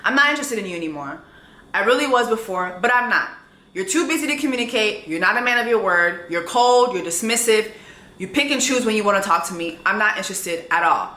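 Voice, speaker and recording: A woman's voice: mid-range voice, lively intonation, fairly quick, pushed and bright, reverberant. A woman, telling a dating story in a vlog in a blunt, sassy way and reading texts aloud.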